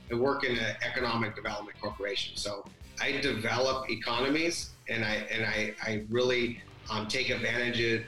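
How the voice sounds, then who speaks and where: A man's voice: mid-range voice, bright, forceful tone, reverberant, rough recording. A man in a casual podcast chat who tells long, rambling stories and acts out the dialogue. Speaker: guest.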